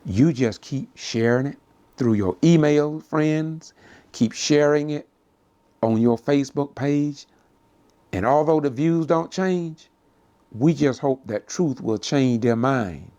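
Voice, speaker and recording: A man's voice: a little high, takes it slowly, warm tone, highs cut off. Folksy man commenting on a clip. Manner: folksy, preacher-like, quotes scripture. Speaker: online news reporter. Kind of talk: casual commentary.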